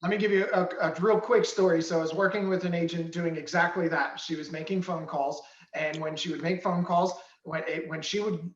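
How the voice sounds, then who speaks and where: Brief animated male trainer, higher voice, roomy echo, dull audio. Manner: animated, acts out examples. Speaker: real estate trainer. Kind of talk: coaching talk with examples.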